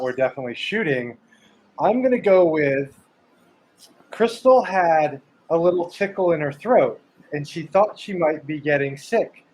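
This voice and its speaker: A man's voice: on the high side, darkish tone, a little hiss or hum, low-quality recording. A man co-hosting a podcast in casual chat, rambling and joking as he spins a made-up story. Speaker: podcast co-host.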